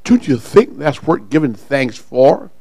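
This pastor's sermon has a sing-song lilt as he calls his congregation forward and waits for their responses. The mid-range, mellow voice carries no echo, though the audio quality is poor.

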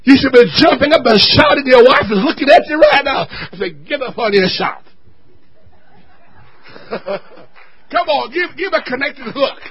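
A male pastor, preaching at a very high pitch. His voice is bright and ringing. He shouts and cries out at the peaks, whoops, then eases into soft, joking asides. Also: animated, unhurried, long pauses, slightly rough, poor audio. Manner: drops to quiet asides and jokes between climaxes. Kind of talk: sermon.

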